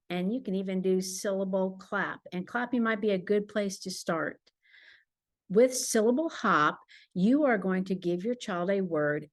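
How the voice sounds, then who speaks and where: Patient woman teacher explaining to parents. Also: lowish voice. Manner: patient, slows down to model words for children. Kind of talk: instructional talk to parents.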